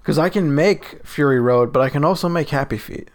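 A man's voice: on the high side, fairly quick. A man co-hosting a podcast in casual chat, laid-back and joking, teasing his partner. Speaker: podcast co-host.

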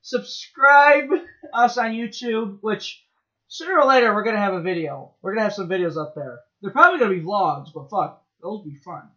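A man with a high voice chatting loosely on a podcast, stumbling through plugs between chuckles. The sound is dull and lo-fi. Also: expressive, normal speed, pushed and bright. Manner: rambling, laughing, running through plugs. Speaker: podcast co-host. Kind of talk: casual podcast banter.

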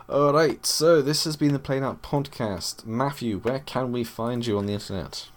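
A man's voice: mid-range voice, unhurried, pauses often. Playful man hosting a podcast. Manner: enthusiastic, playful. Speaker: podcast host. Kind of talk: casual chat.

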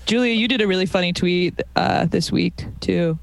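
A woman's voice: fairly low pitch, moderate pace, creaky. A woman in her twenties co-hosting a podcast, chatting loosely and wryly with lots of "like" fillers. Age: 20s. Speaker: podcast co-host. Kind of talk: casual comedic chat.

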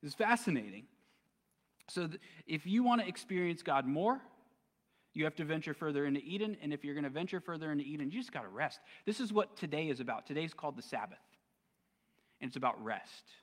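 Guy pastor giving a sermon, chill chatty way of talking, kinda high voice, big echoey church hall. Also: animated, brisk. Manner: conversational preaching with casual slang. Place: church sanctuary.

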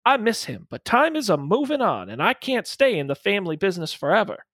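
A woman's voice: medium pitch, big pitch swings, brisk, a bit bright, no room sound, clean studio sound. A man voicing a young woman secretary with a refined Southern accent, polite and proud. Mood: prim. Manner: refined, prim politeness turning indignant.

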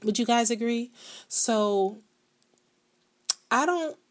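A woman's voice: fairly high pitch, slow pace. Candid, chatty woman podcast host. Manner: candid, chatty, addresses listeners directly. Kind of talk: casual personal podcast monologue.

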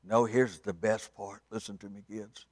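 A man preaching at a revival, telling the story dramatically and swinging from loud to hushed. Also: fairly low pitch, flat delivery, moderate pace, dry recording. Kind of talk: sermon.

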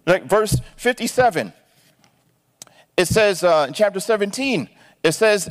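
A male pastor preaching a sermon in an animated, conversational way, often checking in with "right?". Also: a little high, normal speed, long reverb tail.

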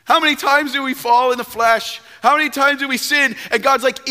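A man preaching a sermon as pastor, emphatic and animated, now and then breaking into song. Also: very high-pitched, brisk, hardly any pauses, clean tone, in a large hall.

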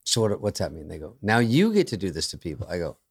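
A man's voice: deep voice, very animated, fast talker, husky. A man telling stories as a guest comedian in a casual podcast chat, acting out other people's lines in changed voices.

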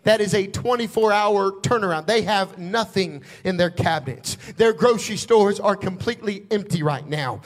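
A man preaching a sermon, retelling a scripture story dramatically and building to loud shouts. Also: high voice, moderate pace, hardly any pauses.

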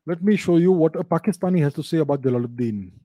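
A man's voice: a little high, expressive, fast talker, dark tone, dry recording, clean studio sound. A man from India, giving opinionated casual commentary, often repeating and restarting his words.

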